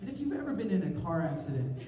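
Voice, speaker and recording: A man telling a comic story at a convention panel, animated and self-mocking, acting out his own inner thoughts. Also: high-pitched, very fast. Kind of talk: comic storytelling to a live audience. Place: large convention hall. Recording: roomy hall from far off, crowd noise. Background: audience laughter and murmur.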